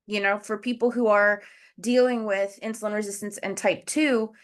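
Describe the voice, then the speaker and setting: A woman with a mid-range, steady voice hosts a casual educational livestream over a video call, talking at a normal speed. Out of breath, she explains things one step at a time and talks to her viewers in the chat.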